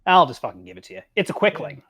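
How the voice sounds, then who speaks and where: A woman's voice: fairly low pitch, very animated, very fast, breathy edge. Rambling woman game master. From Canada. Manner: rambling, filler-heavy, laughs at herself. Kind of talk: narrating a tabletop game.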